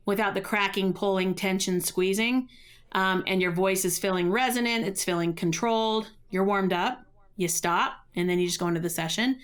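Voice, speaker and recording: A woman's voice: medium pitch, clear, resonant tone. A middle-aged woman, a vocal coach, explaining voice care in a podcast interview. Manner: explanatory, uses running metaphors.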